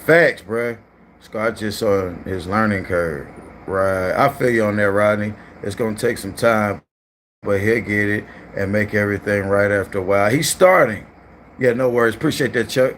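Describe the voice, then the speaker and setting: A man's voice: fairly low pitch, normal speed, fairly bright tone, a little hiss or hum. A man hosting a livestream who chats casually, in a loose, profane and repetitive way. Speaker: livestream host.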